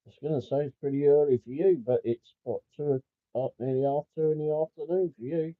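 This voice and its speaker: A man's voice: on the high side, fairly quick. A man hosting a casual livestream, reading out viewer comments and chatting in a rambling way with lots of fillers. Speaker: livestream host. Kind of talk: casual live-stream chat, reading viewer comments aloud. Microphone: headphone mic. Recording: tinny phone-like sound.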